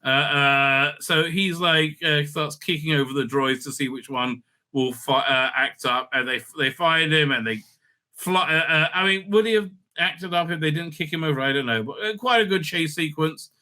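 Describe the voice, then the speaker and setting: A man hosts a casual episode recap in a sardonic, mocking manner, rambling with plenty of fillers and restarts. His voice is a little high and sharp, moving at a moderate pace.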